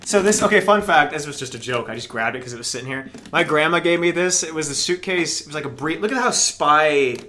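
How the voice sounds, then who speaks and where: A man's voice: on the high side, animated, fast, hardly any pauses, sharp tone, slight background noise. A man in his twenties, a podcast co-host, rambling and swearing in casual chat, laughing often. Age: 20s.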